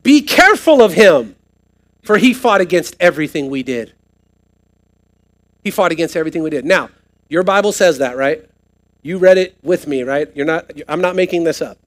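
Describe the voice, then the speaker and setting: A pastor preaches to his congregation with a high-pitched voice. He keeps asking the room questions and drives each point home with rising emphasis. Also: normal speed, long pauses. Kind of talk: sermon. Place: church sanctuary, live service.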